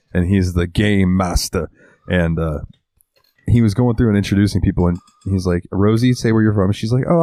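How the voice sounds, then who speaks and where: Deep-voiced guy on a podcast, dry close mic, rambling and swearing a lot. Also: a little mellow, no echo. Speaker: podcast co-host. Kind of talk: casual chat.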